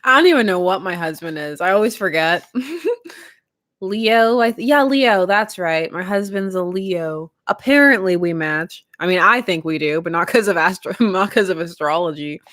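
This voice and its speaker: A woman's voice: on the low side, moderate pace, fairly bright tone, no room sound, studio quality. Giggly young woman chatting on stream. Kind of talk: casual live-stream chat.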